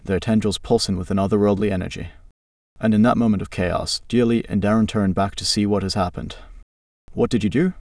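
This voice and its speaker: Gravelly low-voiced male storyteller. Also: no echo. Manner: steady dramatic reading. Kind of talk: scripted story narration. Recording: distant dry mic.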